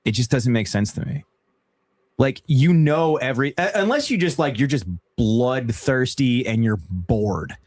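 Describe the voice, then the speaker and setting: A man's voice: mid-range voice, a little slow. A young man hosting a casual live stream, laughing and swearing as he talks. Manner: laughing, swearing, lively banter.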